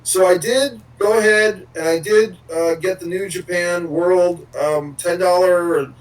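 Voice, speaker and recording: A man's voice: sits high, steady tone, measured pace, far from the mic, low-quality recording. A man co-hosting a podcast, rambling casually and swearing now and then. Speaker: podcast co-host.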